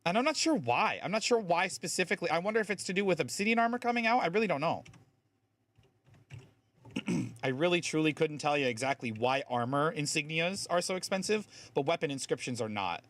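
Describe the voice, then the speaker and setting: Chatty, animated male game streamer. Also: fairly high pitch, brisk. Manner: chatty and explanatory, full of fillers. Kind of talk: casual live-stream commentary.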